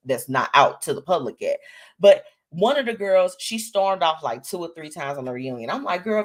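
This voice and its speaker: A woman radio host chats casually with her listeners. Her voice sits on the lower side, and she keeps it animated and talks straight to the audience. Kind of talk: casual chat.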